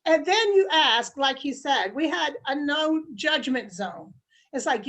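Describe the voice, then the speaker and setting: A woman's voice: high voice, animated, unhurried, a bit bright. A mother and life coach earnestly giving parenting advice, acting out what she says to her child. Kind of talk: animated advice talk.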